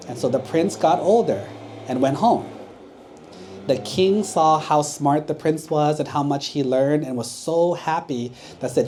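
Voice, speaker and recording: A monk gently telling a story to children at a temple, often checking in with them. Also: male voice, fairly high pitch, a little slow, slight background noise. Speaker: Buddhist monk. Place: temple hall.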